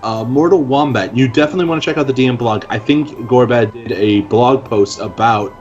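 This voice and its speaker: A man co-hosting a live stream, relaxed and encouraging. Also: medium pitch, a little fast, highs cut off, soft background music. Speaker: stream co-host. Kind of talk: casual live-stream chat.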